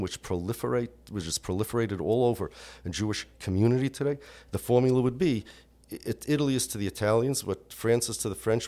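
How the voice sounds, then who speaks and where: American guy lecturing, lower voice that swings up and down a lot, keeps asking the room questions. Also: a little mellow. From United States. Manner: emphatic, with rhetorical questions and Yiddish and Hebrew terms. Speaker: religious lecturer. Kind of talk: impassioned lecture.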